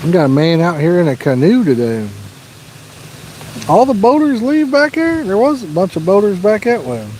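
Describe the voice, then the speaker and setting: A man's voice: high-pitched, very animated, normal speed, darkish tone, slight background noise. A Midwestern American man hosting a fishing livestream outdoors by a lake, chatting casually and answering viewers' questions. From Midwest USA.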